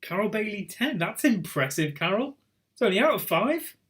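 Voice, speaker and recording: A man with a bright, high voice runs a relaxed online pub quiz, reading out names and scores and ribbing the players. He talks into a video call mic in an easygoing, chatty way. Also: moderate pace. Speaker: quiz host.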